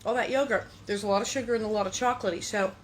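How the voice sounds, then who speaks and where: A woman's voice: mid-range voice, fairly even intonation, rapid-fire, a little hiss or hum. A woman hosting a casual cooking demonstration in a kitchen, chatty and playful, breaking into sing-song asides. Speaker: cooking show host.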